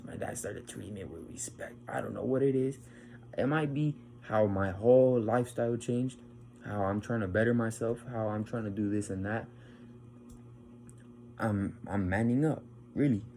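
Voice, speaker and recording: Mellow-voiced young man rambling casually. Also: fairly low pitch. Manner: loose, rambling, acts out quoted voices; frequent "man" tag words. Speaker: vlogger. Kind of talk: casual motivational monologue.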